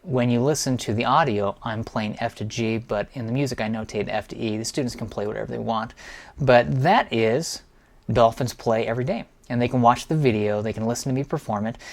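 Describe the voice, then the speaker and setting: A man in middle age talks through his own piano pieces as a teacher. His delivery is enthusiastic and explanatory, the tone of someone guiding fellow teachers through a book. His pitch sits in an ordinary middle range. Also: fairly quick. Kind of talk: instructional walkthrough.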